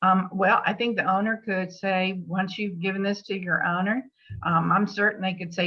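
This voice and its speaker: A woman giving a plainspoken legal update to real estate agents. She takes their questions, pausing with fillers and adding emphatic asides. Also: medium pitch, steady tone. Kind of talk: briefing with answers to questions. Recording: dull lo-fi meeting recording.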